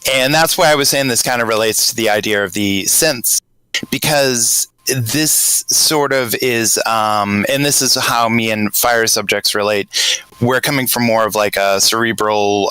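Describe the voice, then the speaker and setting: Man, Boston accent, casual podcast chat, rambling and hesitant, crisp bright tone, dry close sound. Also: mid-range voice, measured pace, no room sound, rough recording. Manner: rambling, hesitant, grows animated telling a scenario. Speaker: podcast panelist.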